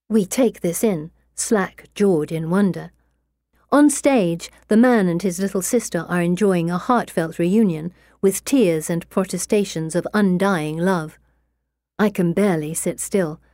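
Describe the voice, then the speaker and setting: A woman narrating a story in the first person, in a measured way. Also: fairly low pitch, mellow, dry recording, studio quality. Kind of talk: audiobook narration.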